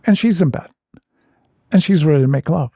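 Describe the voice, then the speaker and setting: Guy with a gravelly husky voice, therapist guest spinning a self-mocking story, dry close sound. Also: a little high, expressive, brisk, warm tone, no room sound. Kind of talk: animated personal storytelling.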